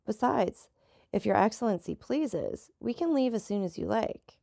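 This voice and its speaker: A woman voicing a calm, seasoned male boat captain who patiently explains things. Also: mid-range voice, normal speed, gravelly, no echo, studio quality, pitched above the performer's own voice.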